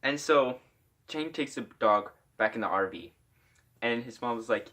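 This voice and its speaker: A man's voice: mid-range voice, lively intonation, measured pace, pushed and bright. Rambling young guy telling a story. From Iowa. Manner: rambling, with lots of "like" fillers. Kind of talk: casual story time.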